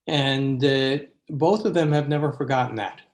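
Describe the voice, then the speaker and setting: A man's voice: medium pitch, steady tone, normal speed. A man in his sixties, an abbot and Zen teacher, telling stories unhurriedly in an interview, with frequent fillers. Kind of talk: interview reminiscence.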